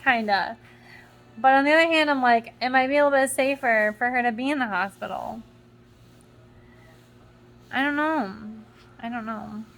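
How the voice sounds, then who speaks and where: Young woman, high voice, bright tone, rambling, fillers, teary, casual vlog. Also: normal speed, long pauses. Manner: emotional, rambling with many fillers and restarts. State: close to tears. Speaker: vlogger mom.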